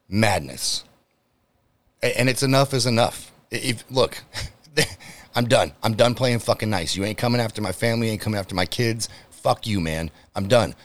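A man's voice: on the low side, moderate pace. Fired-up, profane man ranting. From United States. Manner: profane, heated and emphatic; direct address to listeners. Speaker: podcast host. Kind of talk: solo podcast rant.

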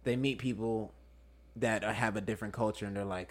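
A man hosting a casual podcast chat with friends, telling stories in an animated way and laughing often. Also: on the low side, brisk. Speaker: podcast host.

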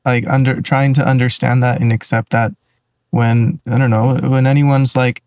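A man's voice: mid-range voice, flat delivery, a little slow, darkish tone, no echo, low-quality recording. A man in a casual faith conversation, speaking reflectively with restarts and trailing phrases.

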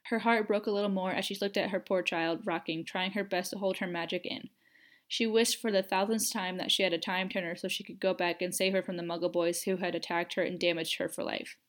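A woman narrating a fan fiction audiobook with measured, expressive storytelling. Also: on the low side.

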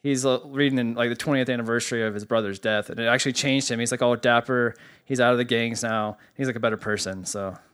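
Animated, cussing male podcast co-host. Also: mid-range voice, fast talker, clear, resonant tone. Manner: animated storyteller, swears freely. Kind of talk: casual podcast chat.

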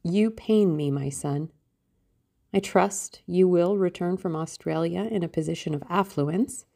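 A woman's voice: on the low side, measured pace, vocal fry, warm tone. A woman reading an audiobook voices a worried, theatrical middle-aged mother. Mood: affected. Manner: fretful, affected.

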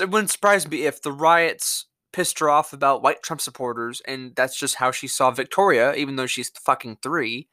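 A man's voice: medium pitch, bright, forceful tone, dry recording, studio quality. Angry Mississippi-accented man ranting. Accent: Southern US, Mississippi. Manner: angry, profane, rambling with restarts. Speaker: podcast host. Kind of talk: political rant monologue.

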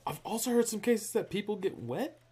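A man co-hosting a casual podcast chat, excitable and rambling, his voice jumping up when he is surprised. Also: sits high, fairly quick, breathy edge.

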